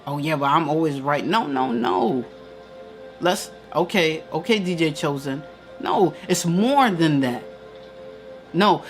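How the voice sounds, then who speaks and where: A woman giving an emphatic, preacherly motivational talk on a live stream. She repeats her key lines and answers viewer comments. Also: sits low. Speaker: spiritual teacher hosting a live stream.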